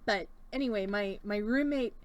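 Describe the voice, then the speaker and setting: A woman's voice: mid-range voice, normal speed, lo-fi sound, slight background noise. A woman in her forties hosting a live-stream bead sale, chatting casually, rambling into stories and laughing often.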